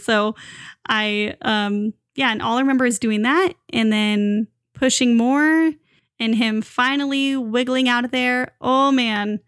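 A woman's voice: a little high, measured pace, fairly bright tone, dry recording. Young woman, chatty, laughs a lot, dry close recording. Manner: chatty, laughs often, many fillers. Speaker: new mother telling her birth story. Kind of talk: casual storytelling to camera.

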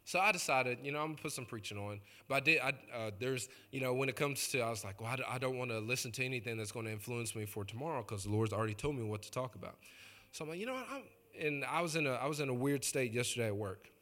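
Preaching through stories in a chatty, joking way, a male pastor speaks straight to his congregation in a conversational sermon. He talks fast, with an expressive, medium-pitched voice that sounds pushed and bright.

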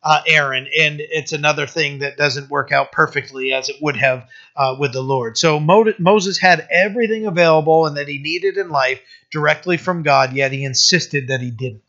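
Male pastor, conversational Bible teacher, lots of "uh" and restarts, very bright tone, dull lo-fi recording. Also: a little high, moderate pace, few pauses. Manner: conversational, many fillers and restarts.

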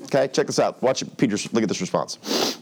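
A man's voice: mid-range voice, expressive, fairly quick. A conversational middle-aged male pastor. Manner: conversational, acts out characters' lines. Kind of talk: expository sermon.

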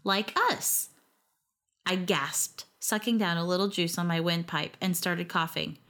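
Narrator: woman, first-person audio story, wry lively delivery. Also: fairly low pitch, moderate pace.

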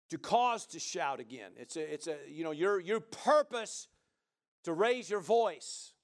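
A middle-aged male pastor preaching a sermon, moving from quiet talk into shouted praise. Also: sits high.

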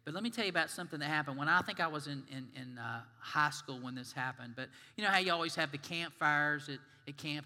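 Bright-voiced preacher in a reverberant church. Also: male voice, fairly high pitch. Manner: conversational, animated, asks the congregation questions. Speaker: minister. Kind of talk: sermon. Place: church sanctuary.

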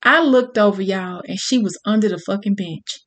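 A woman telling a personal story to an audience in a candid, profane, animated way. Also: medium pitch, normal speed.

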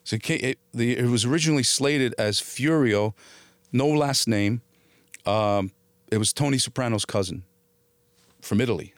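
Middle-aged actor, casual storyteller; dry, close-miked studio sound. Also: male voice, mid-range voice, moderate pace, pauses often, no echo. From New Jersey area. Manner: animated anecdotes, quotes people in dialogue. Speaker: actor, interview guest.

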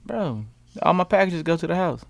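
A man's voice: fairly high pitch, expressive, normal speed, gravelly, no echo. Laid-back young man, dry close sound. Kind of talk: casual group chat.

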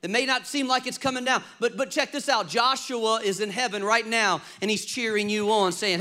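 A man about to turn fifty, preaching a lively, humorous sermon and calling on the congregation to respond. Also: high-pitched, moderate pace, hardly any pauses. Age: 40s. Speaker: pastor.

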